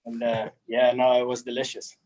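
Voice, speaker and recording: A young man, answering interview questions in an easygoing, halting way. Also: mid-range voice, monotone, darkish tone, rough recording. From South Africa. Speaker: rugby player guest.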